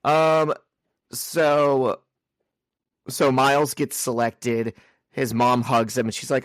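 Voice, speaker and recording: Male podcast co-host, lively storyteller, mid pitch, dry close sound. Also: no echo. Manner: animated storytelling, acts out characters' lines in quick asides. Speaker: podcast co-host recapping comics. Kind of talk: casual chat.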